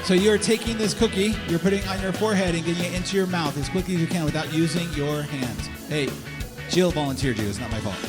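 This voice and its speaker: A man hosting a live stage event, calling names and directing a game with energetic, joking instructions. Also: on the high side, fast talker, music in the background. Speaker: host. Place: convention stage before a live audience.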